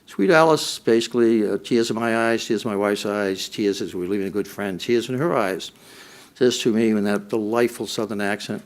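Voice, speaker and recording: A man's voice: fairly low pitch, moderate pace. A middle-aged man, a former police chief, giving a prepared speech at a policy forum and repeating his points for emphasis.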